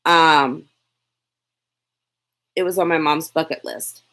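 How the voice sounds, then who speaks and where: Speaking slowly in a deep voice, this 40-something lifestyle vlogger hosts a casual live Q&A from her phone. She keeps things chatty and lively, laughing a lot while reading comments out loud and responding to viewers' questions.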